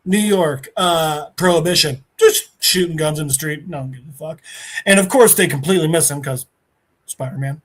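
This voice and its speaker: Brief: a male podcast host telling a plot recap, animated, swearing freely, casual. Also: fairly high pitch, normal speed. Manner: animated, profane storytelling.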